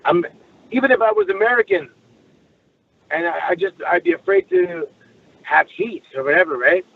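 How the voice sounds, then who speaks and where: A man's voice: high-pitched, huge pitch swings, normal speed, creaky, breathy edge. A man from Canada, a guest telling stories casually, rambling with restarts and swearing freely. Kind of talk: casual storytelling. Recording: tinny phone-like line.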